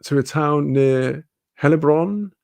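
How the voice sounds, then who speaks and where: A man's voice: a little high, slow, vocal fry, darkish tone, no room sound. A man with a British accent chatting casually on a live stream, reading comments aloud, rambling, laughing often and swearing freely.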